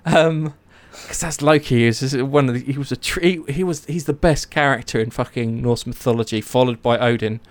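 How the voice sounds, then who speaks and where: A young man casually retelling myths, animated, swearing and acting out the characters' lines. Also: medium pitch, brisk, few pauses. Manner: animated storytelling, swears, acts out quotes. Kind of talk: casual chat.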